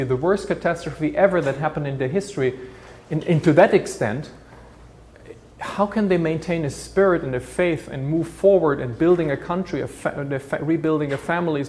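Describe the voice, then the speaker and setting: A man's voice: a little high, a little mellow, slight background noise. A man from Germany with a German accent, telling his life story in an earnest, reflective way, often restarting his sentences. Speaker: guest recounting his life. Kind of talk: personal testimony.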